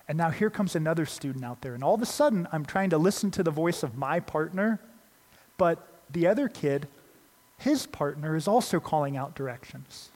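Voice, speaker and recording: Pastor preaching in a reverberant hall. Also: male voice, fairly high pitch. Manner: animated, acts out quoted voices in the story. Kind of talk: sermon storytelling.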